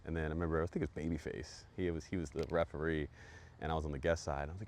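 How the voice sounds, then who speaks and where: A man's voice: very deep voice, little pitch movement, racing, a little mellow, slight background noise. A man hosting a podcast, telling a profane, hyped story full of repetitions. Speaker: podcast host. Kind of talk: storytelling monologue.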